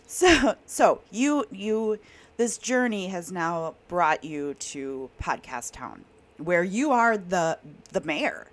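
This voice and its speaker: A woman's voice: fairly low pitch, animated, slow. A woman hosting an HR podcast who reacts with enthusiasm and laughs readily. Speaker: HR podcast host. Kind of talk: casual interview chat.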